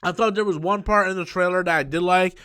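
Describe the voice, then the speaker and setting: An excitable man hosts a live-stream chat, his voice pitched high and tense. He swears freely and hums movie sound effects between thoughts. He talks from a small room under studio lights. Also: fast, clear, resonant tone. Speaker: YouTube host.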